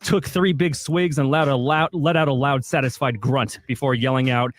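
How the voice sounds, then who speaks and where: A man co-hosting a radio show, reading a scripted comic monologue in a deadpan storytelling manner. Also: mid-range voice, normal speed, no echo, studio quality. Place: radio studio. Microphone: studio mic.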